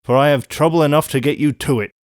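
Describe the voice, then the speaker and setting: Brief: vexed old-style coachman, grumbling and quick, read by a man. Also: fairly high pitch, clean tone, dry recording, clean studio sound, voice pushed up, lightly acted. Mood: irritated. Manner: cursing, impatient.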